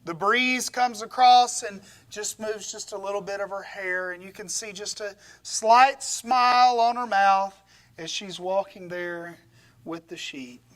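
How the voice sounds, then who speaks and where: A man's voice: high voice, measured pace, fairly bright tone. A man preaching a conversational sermon, retelling a story with animation and folksy humorous asides. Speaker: pastor.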